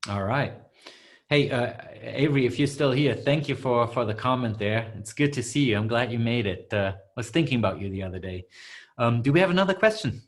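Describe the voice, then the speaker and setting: A man's voice: mid-range voice, brisk. A man hosting a live webinar Q&A as a coach, answering questions with many fillers and restarts.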